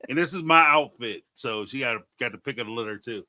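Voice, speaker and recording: Bright-voiced man chatting. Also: medium pitch, a little fast, no room sound. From Atlanta. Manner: chatty, laughs often, reads viewer comments aloud. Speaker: host. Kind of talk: casual chat.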